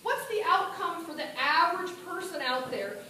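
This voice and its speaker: A woman with a very high voice gives a lively speech at a party meeting and keeps asking the audience questions. She is recorded from across an echoey hall, with faint noise underneath. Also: moderate pace. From New Mexico. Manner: animated, asks the audience questions. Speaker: political speaker. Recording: echoey room from a distance.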